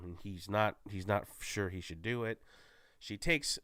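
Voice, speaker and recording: A man's voice: fairly low pitch, measured pace, a bit bright, dry recording. A man giving a casual, rambling movie spoiler recap, often stopping to correct himself. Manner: rambling, self-correcting, many restarts. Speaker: movie reviewer.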